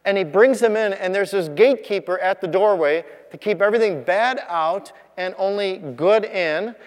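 A man's voice: sits high, long reverb tail. A man preaching a sermon as pastor, conversational and emphatic, asking the congregation rhetorical questions.

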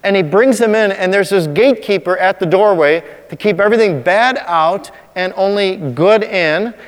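A man's voice: high voice, clear, resonant tone. Conversational preacher man in a reverberant hall. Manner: conversational preaching, slows for emphasis. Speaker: pastor. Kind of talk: sermon.

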